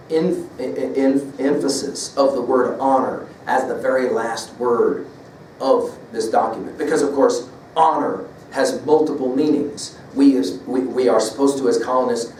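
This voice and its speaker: A man giving a recorded lecture, measured and emphatic, reading quoted passages aloud and stressing key words. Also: mid-range voice, darkish tone, a little hiss or hum. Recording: echoey room from a distance, faint ambience.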